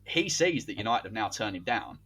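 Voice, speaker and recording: A man with a slightly husky voice co-hosts a casual podcast, spinning an imagined football season as if commentating it live. His pitch swings widely as he builds the story, animated and playful. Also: brisk, soft background music. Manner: animated, spins a hypothetical tale like match commentary. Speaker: podcast co-host.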